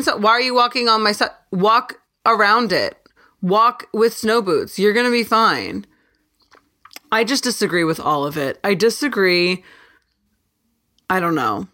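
A young woman hosting a casual solo podcast, ranting in an animated, self-interrupting way. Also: lowish voice. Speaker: podcast host.

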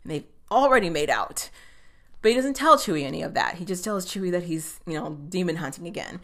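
A young woman giving a casual recap of a TV episode, animated and swearing freely, often slipping into quick voices for the characters. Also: on the low side.

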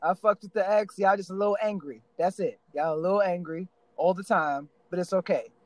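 A young man with a high, bright voice talks in a loose podcast hangout. He tells a story with animated energy, curses freely and breaks into laughter. His voice is close and dry, with no room sound. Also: a little fast, no echo. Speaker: podcast co-host. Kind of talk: casual chat.

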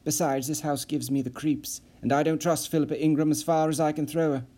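A man's voice: fairly even intonation, fairly quick, warm tone, lightly acted. A man reading an audiobook, voicing a nervous, eager man who gushes and talks in a breathless tumble. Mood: pleading. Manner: breathless, tumbling, high-strung. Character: anxious eager middle-aged man, gushing.

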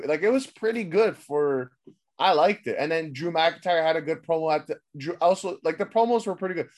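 A man's voice: a little high, expressive, fairly quick. Male podcast host, loose rambling recap, swears freely. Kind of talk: casual recap chat.

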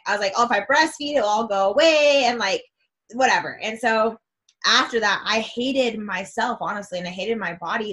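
A woman who coaches women, talking casually and earnestly in a podcast conversation, gushing and breaking into excited bursts of emphasis. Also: mid-range voice. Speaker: women's self-love coach.

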